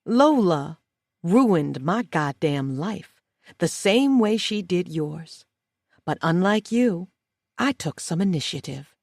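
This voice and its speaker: A woman voicing a smug, cold female schemer who speaks calmly and condescendingly. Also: on the low side, dry recording, clean studio sound, heavily acted. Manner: calm, slow and condescending.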